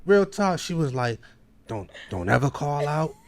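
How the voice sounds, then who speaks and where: A man's voice: fairly high pitch, big pitch swings, a little slow. A man with a Baltimore accent hosting a podcast, telling a long, rambling story in casual slang. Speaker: podcast host.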